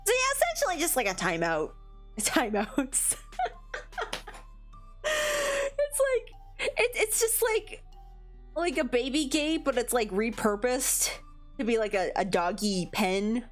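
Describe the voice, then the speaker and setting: A woman's voice: high-pitched, big pitch swings, slow pace, pauses often, soft background music. A young woman streamer chatting casually, rambling with lots of fillers and giggles, her nose a bit congested. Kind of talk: casual chat.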